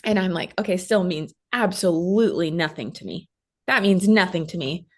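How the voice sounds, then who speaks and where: A woman in her thirties, a guest mother retelling a traumatic hospital week, talking quickly with many fillers and acting out what others said. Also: fairly low pitch, animated. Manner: fast storytelling with many fillers, acting out quoted voices. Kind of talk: emotional personal recount.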